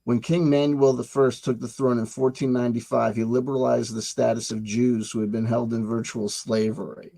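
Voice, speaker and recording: A man's voice: medium pitch, flat delivery, normal speed, gravelly, hardly any pauses, warm tone. A man hosting his own channel, rambling through dates and history in a digressive, joking way and often repeating himself. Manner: digressive, jokey, talks back to himself; stumbles and repeats words. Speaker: channel host.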